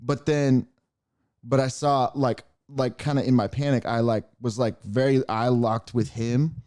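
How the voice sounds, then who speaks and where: A man co-hosting a podcast, telling stories in a rambling, animated way with many fillers. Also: mid-range voice, a little slow, no room sound, clean studio sound. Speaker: podcast co-host. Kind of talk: casual chat, storytelling.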